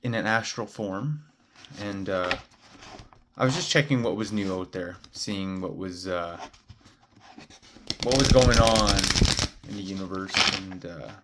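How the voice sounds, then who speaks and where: Low-voiced man rambling through a story. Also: measured pace, long pauses, noisy background. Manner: meandering, heavy on "uh" and "like" fillers. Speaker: spiritual card reader.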